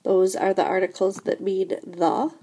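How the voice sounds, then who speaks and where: Woman teacher going over french verbs real slow, patient, kinda gravelly voice. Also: medium pitch, little pitch movement, warm tone. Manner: slow, patient explaining with frequent "so again" and "remember". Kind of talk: recorded classroom lesson.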